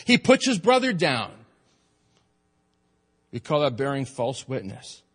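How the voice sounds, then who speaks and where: His medium-pitched voice very animated, a bit bright, and breathy, a pastor preaches at an unhurried pace within a church sanctuary echoing with large-hall reverb. He addresses his congregation conversationally, mixing in jokes and rising to emphatic peaks.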